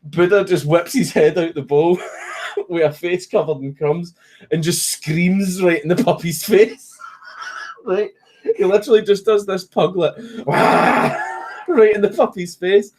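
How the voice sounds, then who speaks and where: A man's voice: high-pitched, dark tone. A Scottish man on a casual livestream, swearing often and laughing through his stories while reading comments. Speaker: streamer. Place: home, at a computer, with a puppy. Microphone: desk microphone.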